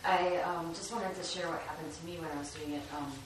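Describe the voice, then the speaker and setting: Female group participant, low voice, hesitant, far from the mic, echoing room with steady hum. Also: a little fast. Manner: hesitant, with many ums. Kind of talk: personal sharing in a meditation group. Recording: distant voice in an echoey room with background hum.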